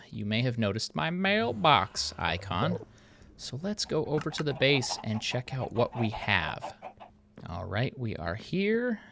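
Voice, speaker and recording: A man's voice: on the low side, fairly bright tone, slight background noise. A man hosting a game video, chatting casually and thinking aloud with a self-mocking tone. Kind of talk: casual gameplay commentary.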